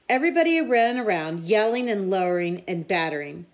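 Woman reading a kids picture book out loud, lively ups and downs, storyteller voice. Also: medium pitch, a little fast. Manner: expressive storytelling. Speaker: tutor. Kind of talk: children's picture book read aloud.

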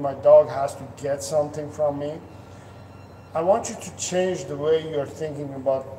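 A man speaking slowly with a fairly high but mellow voice. He coaches earnestly, often restarting his sentences and filling pauses. The sound is roomy and reverberant, picked up from a distance. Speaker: dog trainer. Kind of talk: instructional talk to camera. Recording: echoey room, distant mic, faint noise.

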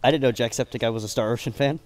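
A man's voice: medium pitch, darkish tone. A young man chatting as co-commentator on a game, laughing often at his partner's jokes. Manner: laughs often, slow, gravelly drawl. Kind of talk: casual gaming commentary.

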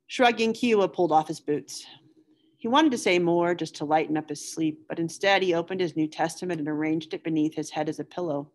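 A woman teacher reads a novel aloud for her students in a measured, steady pace of narration. Her voice sits low for a woman.

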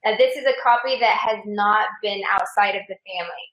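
A woman's voice: mid-range voice, fairly quick, a bit bright, reverberant, low-quality recording. A woman author being interviewed remotely, explaining her work at length in an earnest way.

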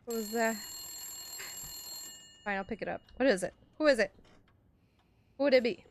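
A woman's voice: a little high, moderate pace, long pauses, a little hiss or hum. A woman commentating a horror video game as she plays, jumpy and chatty, talking both to the game and to her viewers. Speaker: gaming streamer.

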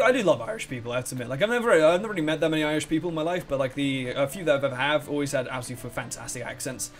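A young man commentating a game, rambling and excitable, swearing freely. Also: a little high, rapid-fire, hardly any pauses, soft background music. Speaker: let's play host. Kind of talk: gameplay commentary.

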